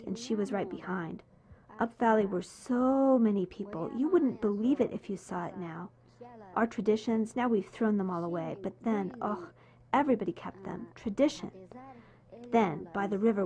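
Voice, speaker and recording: A woman giving a first-person voice-over translation of a life story, telling it in an animated way and voicing the people she quotes. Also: medium pitch.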